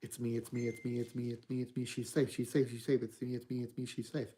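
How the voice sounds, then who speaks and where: A gentle, warm-toned woman's voice speaking softly inside someone's mind, as a streamer reads it out. The delivery is hushed and repetitive, with a mellow, darker tone. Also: mid-range voice, completely flat delivery, fast talker, pitched below the performer's own voice, natural voice.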